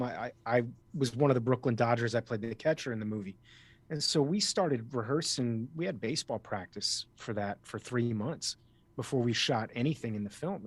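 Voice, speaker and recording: A man from Miami with a slight East Coast accent, a guest telling stories in a casual interview, chatty and rambling with frequent restarts. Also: mid-range voice. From Miami, USA. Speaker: guest actor.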